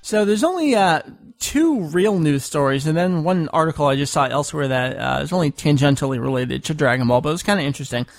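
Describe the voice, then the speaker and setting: A man's voice: a little high, lively intonation, fairly quick, creaky, soft background music. A man hosting a casual podcast chat, explaining things patiently and spelling them out. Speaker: podcast host.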